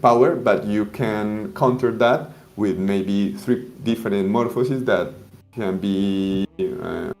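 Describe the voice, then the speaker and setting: A man's voice: lowish voice, slow pace, darkish tone, faint music behind. A man being interviewed as a game designer, explaining the rules step by step with many restarts. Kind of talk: interview answers.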